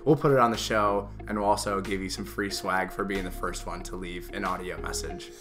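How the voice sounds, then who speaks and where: A man with a Chicago accent co-hosting a podcast, making a quick, promotional plug. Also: sits low, steady tone, over music. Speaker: podcast co-host. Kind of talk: casual podcast chat.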